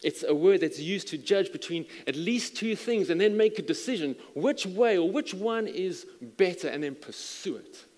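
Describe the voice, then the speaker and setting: Pastor preaching in a reverberant hall. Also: male voice, high-pitched, expressive, normal speed, few pauses, darkish tone. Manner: earnest, stammers on repeated words. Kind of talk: sermon storytelling. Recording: long reverb from a large hall.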